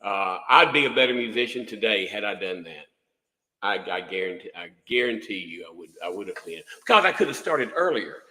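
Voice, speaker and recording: A man's voice: lowish voice, expressive, brisk, pushed and bright, reverberant, big-room sound, rough recording. A man, hosting a casual livestream and rambling in a folksy way, often repeating words. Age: 60s. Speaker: livestream host, music instructor.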